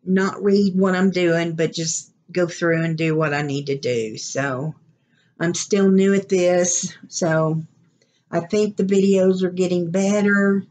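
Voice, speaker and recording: Woman vlogger with an Oklahoma accent; slow, easygoing, rambling delivery with frequent laughs. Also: fairly low pitch, fairly even intonation, a little mellow. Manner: chatty, rambling, laughs often. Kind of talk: casual unboxing vlog.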